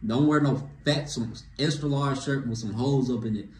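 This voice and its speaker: A young man ranting to camera with dating advice, animated and slangy, tossing in "bro" after nearly every phrase. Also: medium pitch, normal speed, slight background noise. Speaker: vlogger giving dating advice. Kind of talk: casual rant to camera. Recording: echoey room with faint ambience.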